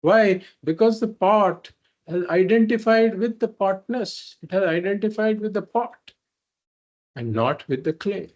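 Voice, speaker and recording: A man's voice: high voice, expressive, a little slow, darkish tone, lo-fi sound. A man teaching a spiritual philosophy class, explaining patiently and repeating points through simple examples. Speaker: Vedanta teacher.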